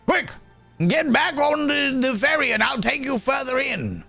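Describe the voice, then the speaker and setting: Panicky little dwarf ferryman voiced by a man, high and frantic, gravelly edge. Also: sing-song, unhurried, sharp tone, faint music behind, heavily acted. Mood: urgent.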